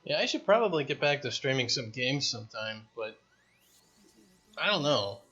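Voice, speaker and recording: Bright-voiced rambling man in a dev vlog. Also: mid-range voice, sing-song, moderate pace, breathy edge, lo-fi sound. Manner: rambling, self-deprecating, joking. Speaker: indie game developer. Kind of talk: casual dev vlog talk while programming. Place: home basement.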